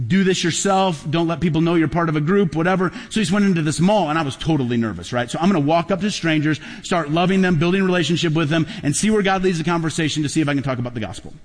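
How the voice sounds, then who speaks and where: A middle-aged man preaching a sermon as pastor, telling stories and building to emphatic peaks. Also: a little high. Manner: storytelling, emphatic, rising to loud peaks. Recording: long hall reverb.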